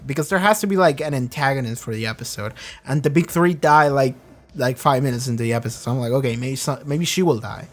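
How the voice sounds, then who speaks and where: A reactor giving rambling, enthusiastic, profanity-laced casual commentary on a show. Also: medium pitch.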